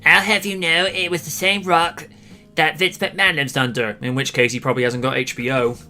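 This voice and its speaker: Bright, rambling male host. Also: fairly high pitch, flat delivery, fairly quick, faint music behind. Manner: rambling, hesitant, with many fillers and dry jokes. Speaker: podcast host. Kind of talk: casual chat.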